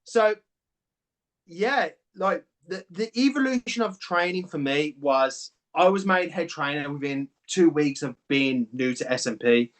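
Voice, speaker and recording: A man speaks as an interview guest, recounting his path with open emotion and the odd casual swear. His voice sits a touch higher than most men's. He tells it in an animated, heartfelt way. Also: unhurried. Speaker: SMP artist and clinic owner, guest. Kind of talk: candid interview storytelling.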